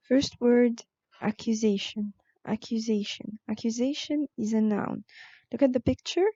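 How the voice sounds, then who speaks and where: Slow, patient woman teaching vocabulary. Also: a little high, warm tone, no echo, highs cut off. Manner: slow, explanatory, with frequent fillers. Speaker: English teacher. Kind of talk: online vocabulary lesson.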